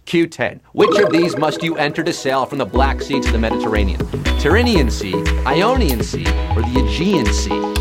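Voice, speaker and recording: Hosting a live trivia game over background music, a man with a very animated mid-range voice reads the questions briskly and cracks jokes and puns between answers.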